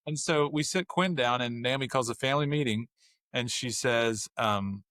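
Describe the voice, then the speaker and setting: Dad guest on a podcast telling stories, acts out the kids' lines, dry close mic. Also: male voice, mid-range voice, normal speed, no room sound. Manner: animated storyteller, acts out family dialogue. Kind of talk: casual chat.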